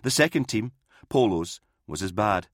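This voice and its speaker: A male audiobook narrator with a lowish voice, reading in a measured, grave storytelling manner. The recording is close and completely dry. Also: expressive, no room sound. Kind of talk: scripted narration.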